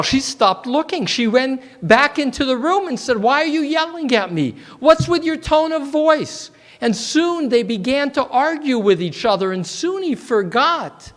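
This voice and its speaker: A man, a rabbi, giving a sermon in a measured, reflective storytelling manner. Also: high voice.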